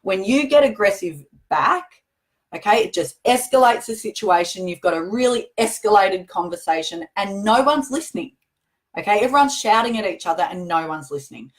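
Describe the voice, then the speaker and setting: A woman's voice: medium pitch, lively intonation, moderate pace. A middle-aged woman hosting a show, talking earnestly and conversationally to camera, with emphatic repetition. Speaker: host answering viewer questions. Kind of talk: casual direct-to-camera talk.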